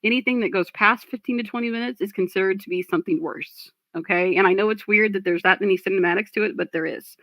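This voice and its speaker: A woman's voice: mid-range voice, quick pace, hardly any pauses, fairly bright tone, no room sound. Blunt, profane woman streamer lecturing. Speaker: streamer reacting to a clip. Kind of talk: reaction stream commentary.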